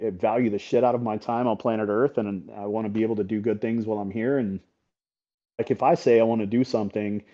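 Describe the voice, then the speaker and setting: A middle-aged paintball coach talking as a podcast guest, candid and blunt, swearing freely and often checking in with "right?". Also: male voice, on the low side, dark tone. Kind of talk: casual interview talk. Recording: slightly dull podcast audio.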